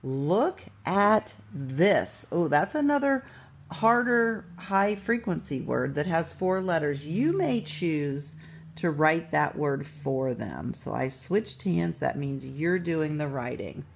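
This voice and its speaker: Slow, gravelly-voiced woman teacher. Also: deep voice, sing-song, slight background noise. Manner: patient, step-by-step, sounds out words slowly. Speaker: teacher demonstrating a writing lesson. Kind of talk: instructional walkthrough.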